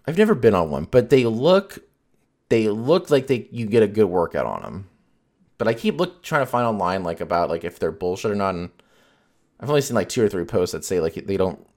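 In a low-pitched, darkish voice, a man hosts a podcast with loose, casual chatter. He drifts from point to point, cursing liberally and using plenty of fillers.

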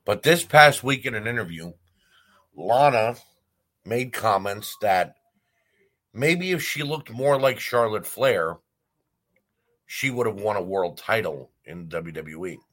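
Casting: male wrestling podcast host, lowish voice, blunt and heated, ranting opinions. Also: expressive, slow, long pauses, a bit bright. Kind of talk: opinionated commentary rant.

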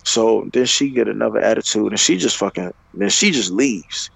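A man's voice: expressive, moderate pace, vocal fry, a bit bright, breathy edge, dry recording, poor audio. A young man telling a dating story in a casual, profane, rambling podcast chat, full of fillers and restarts. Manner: acts out his own heated replies in a higher voice.

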